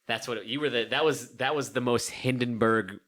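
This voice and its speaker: With a mid-range voice and a brisk pace, the young podcast co-host spins a story in a casual setting. Laughter keeps bubbling up, and he animatedly performs the voices of the people in it.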